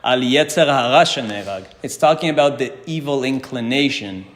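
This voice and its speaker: A man leads a Talmud class at a steady middle pitch. He reads each Hebrew and Aramaic line aloud, explains it in English and turns to the room with questions. His voice rings with a long reverb, as in a hall. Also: moderate pace. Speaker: Torah teacher.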